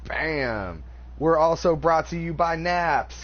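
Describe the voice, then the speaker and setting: A man co-hosting a casual podcast, telling an animated, profane story. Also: a little high, takes it slowly, slight background noise. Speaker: podcast co-host. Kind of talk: casual chat. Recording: dull lo-fi live stream audio.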